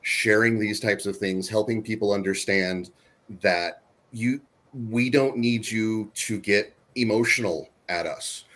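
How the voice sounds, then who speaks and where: A man's voice: on the low side, unhurried, a bit bright. A man moderating a panel discussion, talking candidly and earnestly, often repeating words for emphasis.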